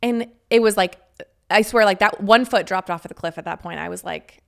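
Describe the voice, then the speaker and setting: A woman in her thirties talks through her own story on her podcast, chatty and unguarded, with casual swearing along the way. Her voice sits at a middle pitch with a gravelly fry running through it. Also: fairly quick. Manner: chatty, frank, swears freely, laughs between phrases. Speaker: podcast host. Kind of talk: candid personal storytelling.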